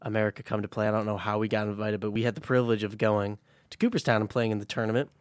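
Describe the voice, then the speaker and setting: A young man co-hosts a casual sports talk show and jokes around energetically as he tells stories. His voice is low-pitched. The recording is dry and close, with no room echo. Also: very fast. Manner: joking, energetic storyteller. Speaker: podcast co-host.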